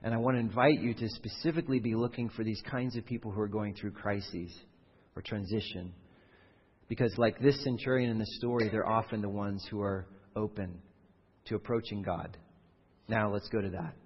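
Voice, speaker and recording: A man with a husky voice preaches a sermon, his words ringing out in a church hall with a long reverb tail. He talks to the congregation in a conversational way and rises to emphatic passages. The sound is dull and muffled. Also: lowish voice, steady tone, normal speed. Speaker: pastor. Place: church sanctuary.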